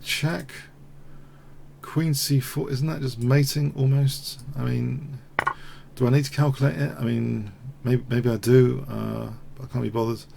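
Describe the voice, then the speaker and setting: A man's voice: mid-range voice, fairly even intonation, measured pace, gravelly, warm tone, slight background noise. A man commentating his own online chess games, thinking aloud with wry, self-mocking asides. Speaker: chess streamer. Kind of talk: live commentary while playing.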